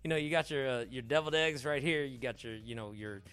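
A man's voice: medium pitch, fast talker, fairly bright tone, clean tone. A young man hosting a casual trivia show, reading questions aloud and riffing playfully on the answers. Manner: playful, reads questions then riffs. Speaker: trivia host.

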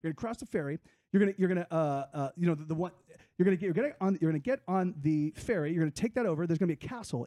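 Brief: kind street drifter, rambling and repetitive, high and quick, as a joke-teller puts him on. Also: male voice, mellow, dry recording, studio quality, lightly acted. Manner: rambling, repeats himself. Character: kindly homeless man on the street.

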